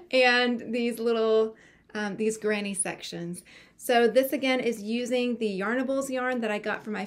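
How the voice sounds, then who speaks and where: A woman with a Southern US accent chatting to camera as host of a crochet podcast, folksy and full of fillers. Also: mid-range voice. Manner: chatty, folksy, warm thanks with many fillers. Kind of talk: casual chat to camera.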